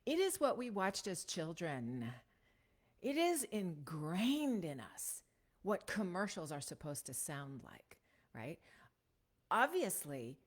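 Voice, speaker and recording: A middle-aged woman with a slightly low voice coaches voiceover in a loose, chatty livestream. She rambles warmly through her points and keeps checking in with "right?", recorded close on a shotgun microphone at her home desk. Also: sing-song, takes it slowly. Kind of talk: casual livestream teaching chat. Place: home recording setup at a computer. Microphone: shotgun studio microphone.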